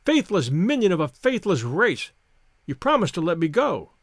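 A proud young woman spy, scornful and defiant, as a male audiobook reader puts her on. Her lines come in a high, lively voice. The sound is dry and close. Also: moderate pace, dry recording, full character voice. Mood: indignant. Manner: scornful, indignant. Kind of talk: audiobook reading.

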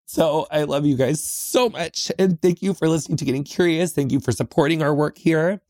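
Speaking at a normal pace in a slightly high voice with a darkish tone, a man hosts a heartfelt solo podcast from a small closet. He's earnest and reflective, often saying "like," and the studio-quality audio carries no room sound.

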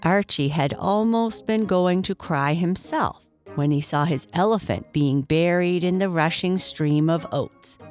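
Slow, gentle woman reading bedtime stories. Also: low-pitched. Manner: slow, gentle and soft-spoken. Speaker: bedtime story narrator. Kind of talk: soothing bedtime story narration.

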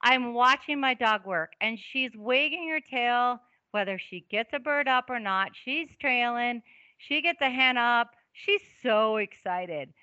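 A middle-aged woman, a hunting guest, telling stories in an animated, casual way with many restarts. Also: a little high, unhurried, no room sound, dull audio. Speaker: podcast guest, hunting instructor. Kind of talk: casual storytelling interview.

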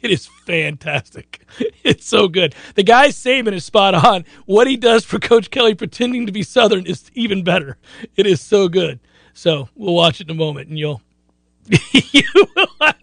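A man's voice: high voice, lively intonation, moderate pace, gravelly, a bit bright, no room sound. A man hosting a sports talk radio show, boastful and joking, rambling between bets and news.

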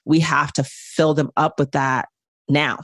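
A woman doula, the guest, explaining parenting calmly and evenly in a relaxed chat with many "like" fillers. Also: deep voice, a little slow, dry recording, studio quality. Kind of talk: casual podcast conversation.

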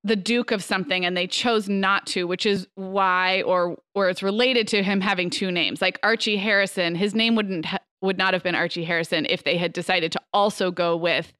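Smooth-voiced woman in casual chat. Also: mid-range voice, steady tone, normal speed, hardly any pauses, fairly bright tone, dry recording, studio quality. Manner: chatty, laughing, self-correcting storyteller. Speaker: podcast co-host.

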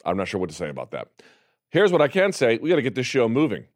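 A man's voice: medium pitch, wildly swooping pitch, fast talker, no room sound. Man, sports talk host, upbeat, chatty, jokey, dry close sound. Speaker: podcast host. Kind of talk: casual sports talk show.

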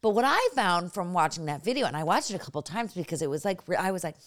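A woman in her thirties chatting casually, an animated storyteller who acts out quotes and swears freely. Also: on the low side, quick pace. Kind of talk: casual chat.

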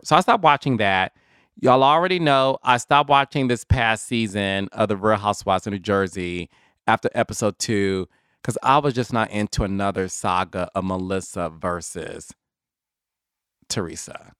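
A man's voice: mid-range voice, clean tone, no echo, studio quality. A man hosting his own podcast, talking casually and animatedly straight to his listeners. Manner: chatty, animated, addresses listeners as y'all. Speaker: podcast host. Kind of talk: casual solo commentary.

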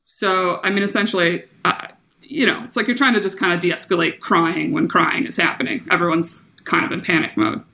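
A young woman with a bright, forceful voice talks as a podcast guest. She is chatty and laughs easily, and she acts out the lines of people in her story. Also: fairly low pitch, a little fast, gravelly. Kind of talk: casual interview chat.

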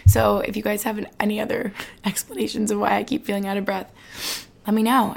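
Chatty young woman with gravelly fry. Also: medium pitch, flat delivery. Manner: chatty, fast, filler-heavy with frequent "like". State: slightly out of breath. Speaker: podcast host. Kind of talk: casual solo podcast chat.

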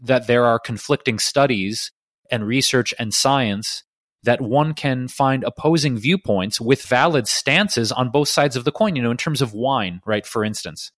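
A man's voice: mid-range voice, a bit bright, no room sound. Earnest rambling man, dry sound. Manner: earnest, rambling, drawn-out points. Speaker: podcast co-host. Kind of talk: casual chat.

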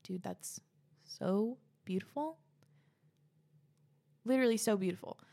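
Woman, podcast host, casual chat, gushing and effusive, middle pitch. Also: measured pace, dark tone. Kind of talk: casual podcast chat, reading listener letters.

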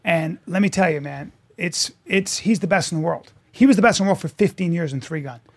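High-voiced man, emphatic and brash. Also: brisk. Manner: boisterous, emphatic, profane. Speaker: podcast co-host. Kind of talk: casual chat.

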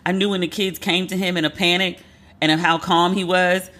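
Woman, 40s, solo podcast host, animated and chatty, acts out quotes. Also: fairly low pitch, fairly quick. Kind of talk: casual solo commentary.

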